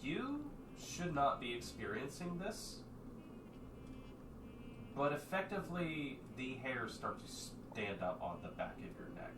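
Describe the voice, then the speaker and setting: A man's voice: medium pitch, big pitch swings, measured pace. A man narrating as game master in a casual, filler-heavy way, recorded at a distance in an echoey room with background noise.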